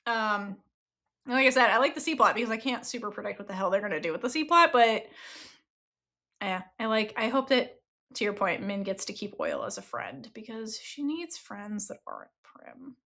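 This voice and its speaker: Lively, bright-voiced woman podcaster. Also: fairly high pitch, moderate pace. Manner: animated, laughs often, swears freely. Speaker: podcast co-host. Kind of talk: casual podcast chat reviewing a TV series.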